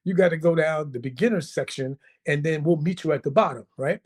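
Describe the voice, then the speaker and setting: A man with a slightly raised pitch tells a story in a casual, lively way. He acts out what others said and keeps checking in with the listener with "right?" and "okay?". He is a guest on a podcast. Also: brisk.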